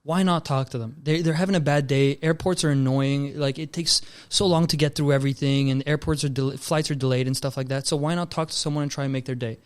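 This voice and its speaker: A man's voice: medium pitch, fairly even intonation, quick pace, hardly any pauses, clear, resonant tone. A young man from Canada, a filmmaker guest, telling a long story in a casual chat, easygoing and calling people bro and dude. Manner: laid-back, calls people bro and dude.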